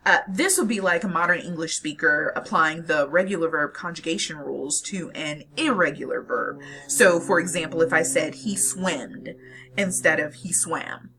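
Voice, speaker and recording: A woman's voice: low-pitched, moderate pace, pushed and bright, slight background noise. A woman giving a recorded lecture, explaining step by step and talking straight to her students, with a few fillers and self-corrections. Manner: addresses students directly.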